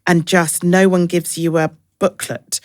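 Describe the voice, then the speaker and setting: A woman, a podcast guest, talking candidly and reflectively, sometimes acting out others in a bright high voice. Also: little pitch movement, unhurried, no echo, studio quality. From England. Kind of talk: candid conversational interview.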